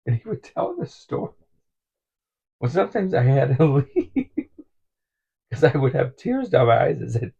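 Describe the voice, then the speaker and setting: Middle-aged man, casual vlog storytelling, rambling and chuckling, gravelly husky voice, lively pitch, slightly dull recording. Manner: rambling, laughs often while telling stories. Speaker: vlogger.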